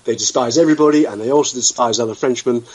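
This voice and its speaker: British man, radio host, husky voice, wry and blunt, muffled lo-fi sound. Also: medium pitch, very fast, a little mellow. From United Kingdom. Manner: wry, sweeping and blunt, with casual swearing. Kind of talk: opinionated talk-radio chat.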